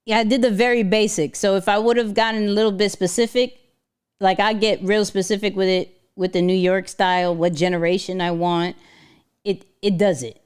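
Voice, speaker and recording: A woman hosting a casual livestream, talking in an animated, slangy way and laughing often. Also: medium pitch, moderate pace, clear, resonant tone. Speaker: livestream host.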